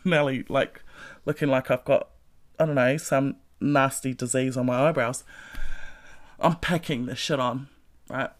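A woman in her forties telling a story in a casual vlog, swearing freely and often breaking into laughter. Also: sits low. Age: 40s. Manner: profane, laughing, animated storytelling. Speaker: vlogger.

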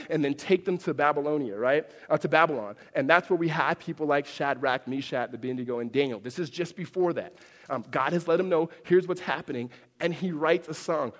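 A man giving a sermon as pastor, animated and conversational, acting out quoted voices with big swings up and down. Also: fairly high pitch, long reverb tail.

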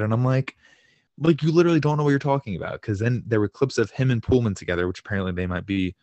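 The sound is lo-fi with no room sound, carrying a young man's lowish voice as he co-hosts a sports podcast from home with a fractured shin. Casual and excitable, he swears and laughs while telling worked-up stories.

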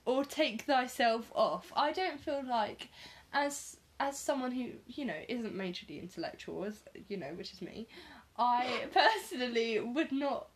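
Lively, laughing woman. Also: fairly high pitch, a little slow. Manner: laughs often, teasing. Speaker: podcast co-host. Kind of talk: casual chat.

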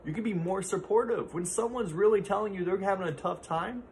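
Male host, 30s, slightly high voice, earnest and heartfelt solo talk. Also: fairly quick, slight background noise. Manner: earnest, heartfelt, speaks from personal experience. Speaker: podcast host.

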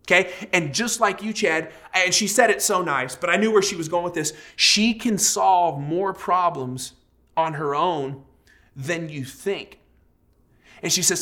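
A man in his thirties, a pastor, preaching a sermon and telling a personal story in a lively storytelling way. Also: high voice, a little slow. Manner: storytelling, animated, acts out quoted voices.

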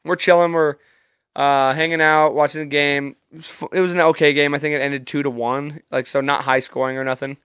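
A man's voice: on the high side, level tone, fairly quick, fairly bright tone, clear, resonant tone, dry recording, studio quality. A young man telling a rambling, profane story in a casual, self-amused way.

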